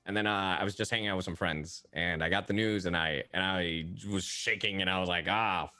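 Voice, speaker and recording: A man's voice: sits low, fairly even intonation, brisk, pushed and bright. A man, a voice actor on a panel, telling a story in casual chat with stammered restarts.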